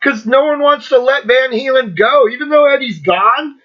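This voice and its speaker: A man's voice: very high voice, moderate pace, lo-fi sound. A man in his fifties hosting his own show, ranting bluntly and mockingly, swearing freely and laughing often. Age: 50s. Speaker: podcast host. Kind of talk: profane rant.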